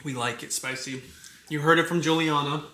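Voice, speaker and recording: A man's voice: on the high side, fairly even intonation, moderate pace, bright, forceful tone, a little hiss or hum. A man hosting a casual home cooking vlog, chatting to the camera and his family in an upbeat, persuasive way. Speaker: cooking vlogger and father. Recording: echoey room.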